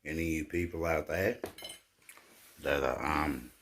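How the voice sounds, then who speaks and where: A man's voice: rumbling low, steady tone, measured pace, a bit bright, slight background noise. A man, rambling and telling jokes in a laid-back way, often repeating his words. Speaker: vlogger. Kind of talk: rambling casual storytelling.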